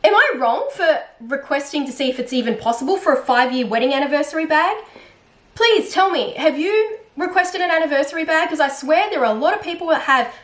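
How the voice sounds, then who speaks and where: A woman's voice: high voice, lively intonation, fairly quick. A woman vlogging a casual storytime monologue, chatty and frustrated, with lots of fillers and restarts. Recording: roomy echo.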